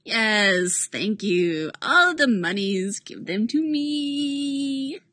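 A sassy woman who gloats in a drawn-out sing-song, voiced by a woman reader. Her lines stretch slowly and lilt up and down. The sound is dry and close. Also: fairly high pitch, expressive, sharp tone, dry recording, pitched above the performer's own voice, exaggerated voice. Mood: gloating. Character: sassy, greedy female coworker.

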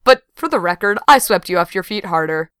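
A woman voicing a stoic, dry young woman who talks in a quiet, deadpan way. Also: on the low side, a little fast, smooth, no echo.

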